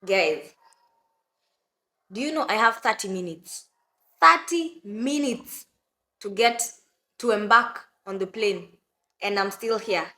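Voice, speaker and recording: A woman's voice: medium pitch, a little slow, pauses often, pushed and bright. Young woman vlogger, chatty storyteller who keeps calling her viewers "guys", mid-range voice, roomy echo. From Kenya. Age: young adult. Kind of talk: storytelling to camera.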